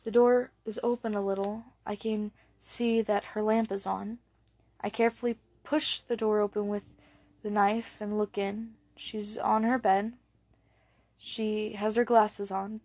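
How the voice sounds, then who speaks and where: A woman narrates an audiobook with a measured, low-key delivery. Her pitch stays level and flat throughout, and the recording is close and dry with no room sound. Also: no room sound.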